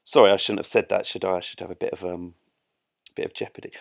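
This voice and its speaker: A gameplay streamer with a low, gravelly voice talks fast in a steady tone, offering chatty, self-mocking live commentary while playing a space game. The audio is clean studio sound with no echo.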